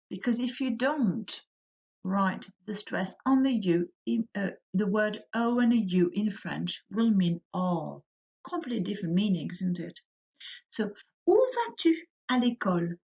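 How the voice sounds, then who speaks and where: A primary school French teacher records a remote lesson for young children, drilling words slowly for them to repeat, her pitch climbing on each French word. Her delivery is animated with a darkish tone, and the audio is dull and lo-fi.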